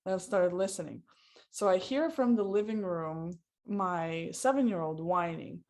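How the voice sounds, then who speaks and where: A woman's voice: on the low side, darkish tone. Woman telling a family story. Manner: storytelling, halting with many fillers. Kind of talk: casual podcast chat.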